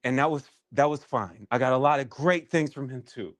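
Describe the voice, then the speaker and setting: With no room sound in the recording, a deep-voiced man guides a workshop session while telling a candid personal story. He speaks reflectively and haltingly, often backing up to start again.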